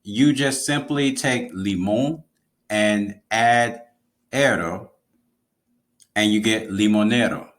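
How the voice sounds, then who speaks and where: Slow-paced man teaching a lesson. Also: on the low side, fairly bright tone. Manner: slow, explanatory, repeats words for emphasis. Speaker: language teacher. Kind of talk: online lesson.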